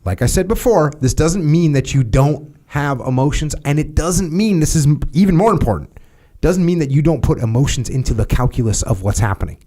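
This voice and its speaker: An American man, a former Navy SEAL leader, talking through leadership in a steady, matter-of-fact podcast conversation with casual fillers. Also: fairly high pitch, a little fast, few pauses. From United States.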